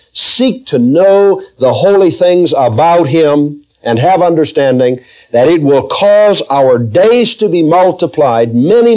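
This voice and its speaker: Male preacher, slightly high voice, emphatic Bible teaching, drawn-out scripture readings. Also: dark tone. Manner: emphatic, slows to read scripture aloud; asks the congregation questions. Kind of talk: verse-by-verse Bible teaching sermon.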